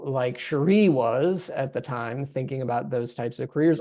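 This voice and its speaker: A man's voice: on the high side, warm tone. A man moderating an academic panel, talking conversationally with frequent restarts and "right?".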